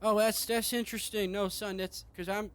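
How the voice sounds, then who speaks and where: A man's voice: high voice, little pitch movement, fairly bright tone, slight background noise, pitched above the performer's own voice. Man doing a rambling, befuddled old king. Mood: distracted. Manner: rambling, distracted, halting.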